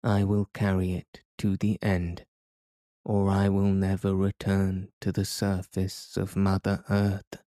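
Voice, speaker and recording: A man's voice: deep voice, monotone, slow pace, mellow, no room sound, studio quality. A man voicing a stubborn elderly professor and fierce explorer, insistent and commanding. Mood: stern.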